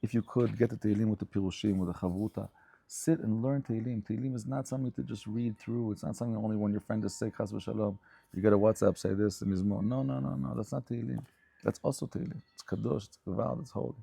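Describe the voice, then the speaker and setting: A man's voice: on the low side, fairly even intonation, fast, vocal fry, mellow, slightly rough. A man giving a Torah lecture as a rabbi, speaking fervently and emphatically and repeating phrases for stress.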